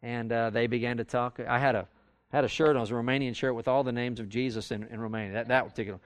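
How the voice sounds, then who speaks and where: Here a man speaks fast at a medium pitch, his intonation fairly even, and the sound is clean and studio-like with no echo. He's teaching a conversational Bible study class, dramatizing quoted arguments along the way, recorded for audio in front of a live class.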